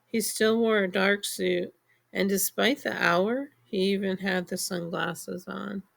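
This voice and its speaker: A woman reading an audiobook in the first person, unhurried and measured. Her voice has a gravelly texture and sits at a middle pitch. The delivery is steady scripted storytelling. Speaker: audiobook narrator.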